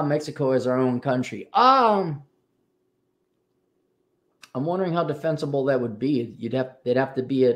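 A man from the United States hosting a livestream, reading out paid chat messages and answering them in an offhand, wry way. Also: fairly high pitch. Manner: offhand, wry, lively commentary.

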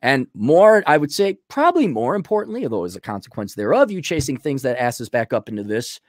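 A middle-aged man giving rambling, folksy advice to a listener in a casual monologue, with sudden loud swings as he tells stories. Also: a little high, dry recording, studio quality. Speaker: advice host answering a listener.

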